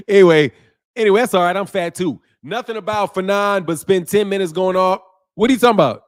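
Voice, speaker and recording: Animated high-voiced man chatting casually. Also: fairly quick. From Chicago. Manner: animated, loose slang-heavy talk, laughs often, mimics regional greetings. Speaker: boxing channel host. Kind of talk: casual livestream chat with viewers.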